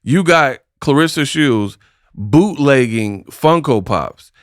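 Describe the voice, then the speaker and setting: A man's voice: medium pitch, lively intonation, slow pace, dry recording, studio quality. A man hosting a casual boxing commentary video, exasperated and full of rhetorical questions.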